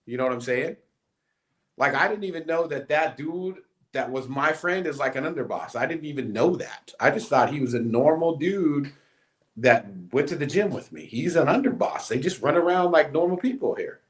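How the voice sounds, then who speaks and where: A man's voice: on the high side, animated, normal speed. A man casually recounting a story, acting out quoted dialogue as he goes. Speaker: guest.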